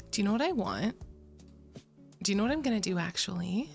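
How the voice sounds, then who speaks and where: A woman's voice: mid-range voice, animated, brisk, gravelly, pauses often, faint music behind. A woman streamer chatting playfully with her live chat from a home setup, giggling and joking.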